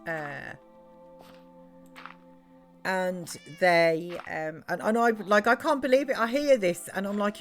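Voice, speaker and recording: A woman's voice: medium pitch, slow, pauses often, soft background music. A middle-aged British woman chatting loosely while streaming a game, rambling with many fillers and restarts. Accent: British English. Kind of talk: casual chat while live-streaming a game.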